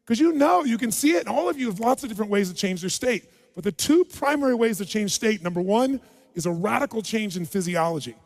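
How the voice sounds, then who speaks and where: A man giving a live relationship seminar, animatedly quizzing the audience and acting out quotes in a large hall. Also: high voice. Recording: long hall reverb.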